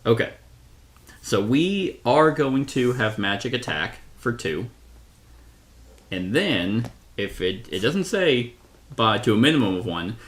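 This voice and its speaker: In a slow, sing-song, medium-pitched voice, a man reviewing board games works through a solo tabletop playthrough, reading cards aloud, reasoning to himself, and catching his own mistakes.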